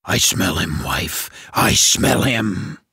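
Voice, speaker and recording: A man's voice: sits low, sing-song, slow, sharp tone, breathy edge, pitched below the performer's own voice, exaggerated voice. A growling ogre, as a man puts him on. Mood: menacing. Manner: growling, demanding. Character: huge gruff man-eating male ogre. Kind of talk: storybook reading.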